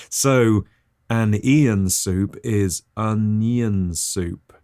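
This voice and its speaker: Chirpy, low-voiced comic podcast host. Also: male voice, extremely slow, a little mellow, dry recording, clean studio sound. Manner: chirpy, eager and over-apologetic. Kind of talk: comic scripted host patter.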